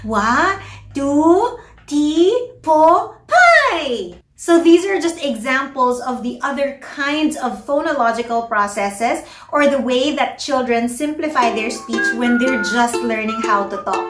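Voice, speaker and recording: A Filipino woman who is a speech-language pathologist explains children's speech to parents, mixing English and Tagalog and slowly modeling words. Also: fairly high pitch, roomy sound, soft background music. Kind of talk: educational talk to parents.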